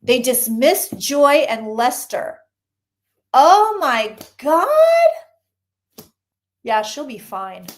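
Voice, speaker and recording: A woman's voice: a little high, expressive, drawn-out words, pauses often. A woman, a psychic reader, chatting through a live-streamed tarot reading and answering questions from the chat.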